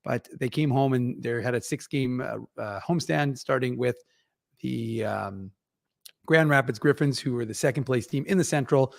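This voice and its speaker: Rambling hockey-pod regular, male, gravelly, dry close mic. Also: medium pitch, moderate pace, dry recording. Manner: rambling, chatty, many fillers and restarts. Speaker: regular podcast contributor reporting on the Moose. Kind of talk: casual hockey podcast chat.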